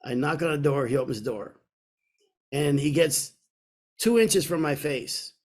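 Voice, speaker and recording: A man in his sixties from Kentucky, co-hosting a podcast and telling a personal story in a casual, animated way. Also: on the high side, measured pace. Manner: animated storyteller, acts out voices in quotes. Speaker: podcast co-host.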